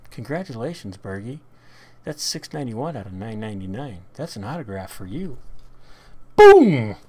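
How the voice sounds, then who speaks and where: A man hosting a live card break, reading off card names in short bursts with sudden loud, excited shouts. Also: medium pitch, a little fast, husky.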